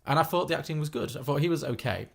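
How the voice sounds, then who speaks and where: A British man on a podcast talks through films quickly and with strong opinions, restarting his sentences often. His voice is strongly gravelly and somewhat husky, while his pitch stays mid-range. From Britain. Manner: chatty, opinionated, many restarts. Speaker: podcast co-host. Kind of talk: casual film review chat.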